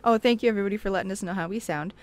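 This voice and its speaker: A woman's voice: mid-range voice, very fast. A woman hosting a casual game livestream, chatting with viewers, giggling often and telling jokes. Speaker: streamer host.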